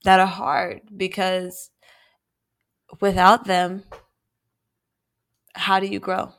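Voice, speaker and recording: A woman co-hosting a podcast in casual chat, measured and reflective, drawing out her phrases. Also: medium pitch, monotone, a bit bright. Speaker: podcast co-host.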